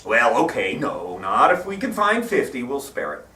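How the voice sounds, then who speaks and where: An easygoing God agrees in a relaxed, offhand way, as a preacher plays him. The voice drops below the preacher's usual pitch and carries around a reverberant hall. The mic is set back. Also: male voice, normal speed. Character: deity, male, easygoing and agreeable. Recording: echoey hall, mic at a distance.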